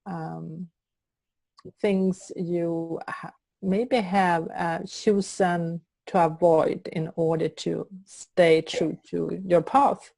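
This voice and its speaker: A woman co-host asking a guest questions in a halting way, searching for her words. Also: lowish voice, level tone, vocal fry, darkish tone, no room sound. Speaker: podcast co-host. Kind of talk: interview questions.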